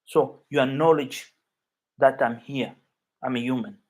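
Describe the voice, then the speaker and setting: A man from Africa hosting a casual live chat from his flat, rambling and emotional as he talks to viewers by name. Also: medium pitch, unhurried. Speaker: YouTube livestream host.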